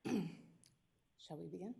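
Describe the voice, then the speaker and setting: Quick, pointed woman attorney arguing. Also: fairly low pitch, expressive, gravelly, warm tone, breathy edge. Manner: quick, pointed, argumentative delivery. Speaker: attorney representing a school district. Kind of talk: formal legal argument at a public hearing. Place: public meeting hearing room.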